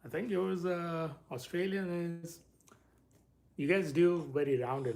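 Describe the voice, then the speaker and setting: A man talks casually and at great length to viewers on a live stream from his home, speaking as a parent in a rambling, chatty way and addressing his audience directly. His voice is a little high, gravelly and somewhat dark, with a steady tone and a slow pace.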